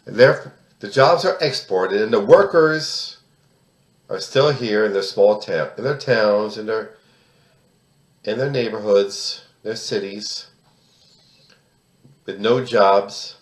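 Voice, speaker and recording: A sixty-year-old American man speaks in a fairly low voice, pressing his points with indignation. He repeats words for emphasis and restarts his phrases. The sound bounces around an echoey room. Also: slow, long pauses. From United States. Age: about 60. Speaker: political commentator and poet. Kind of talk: solo commentary to camera.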